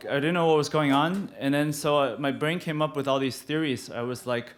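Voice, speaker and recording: A man telling a personal story live, halting and restarting often, with frequent laughter in his voice. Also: a little high, fairly even intonation.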